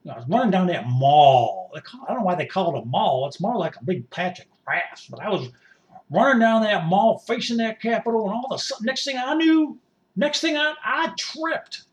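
A boastful, rambling country rioter, all worked up and folksy. The voice sits high and swings wildly up and down. It sounds a bit distant from the mic. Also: male voice, animated, fairly quick, a little mellow. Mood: fired up. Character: excitable folksy rural male rioter, rambling. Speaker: interview guest. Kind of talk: satirical mock interview.

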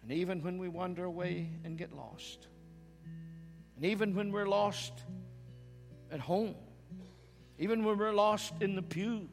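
A man preaching a sermon as pastor, slow and emphatic, building to loud calls for the congregation to repeat after him. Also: sits high. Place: church sanctuary. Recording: reverberant church hall, faint guitar behind.

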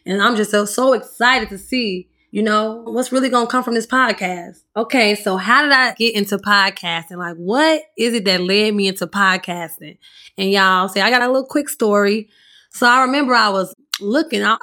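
A woman with a raspy voice hosting her own podcast, telling her story in a candid, chatty way and swearing freely. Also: mid-range voice, pushed and bright. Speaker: podcast host. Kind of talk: casual solo podcast monologue.

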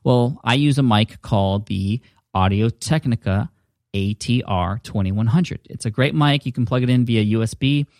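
A man's voice: medium pitch, normal speed, darkish tone, no echo, clean studio sound. A man hosting his own podcast, talking casually and upbeat into a desk mic at home, with chatty asides. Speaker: podcast host. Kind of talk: casual solo podcast talk. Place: home studio. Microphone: studio dynamic mic at a desk.

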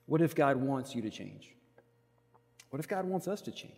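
A male pastor preaching an earnest sermon in a church sanctuary, moving between quiet reflection and emphatic stress. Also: mid-range voice, very animated, moderate pace, gravelly, long pauses. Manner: earnest, swinging from soft to emphatic. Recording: long hall reverb.

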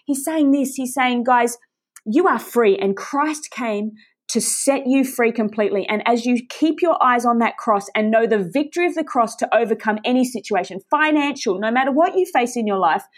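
Passionate woman preaching a sermon. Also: fairly high pitch. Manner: passionate, emphatic, direct address to listeners.

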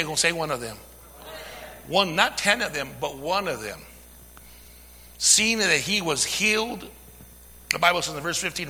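A man preaching a sermon, using call-and-response, swinging from hushed talk to shouting. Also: high-pitched, big-room sound, a little hiss or hum. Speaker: pastor.

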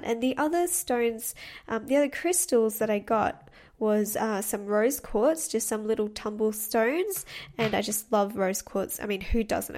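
A woman's voice: on the high side, darkish tone. A young woman hosting her own podcast, chatting casually and bubbly with many fillers and restarts. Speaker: podcast host. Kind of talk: casual solo podcast chat. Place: home room at her desk.

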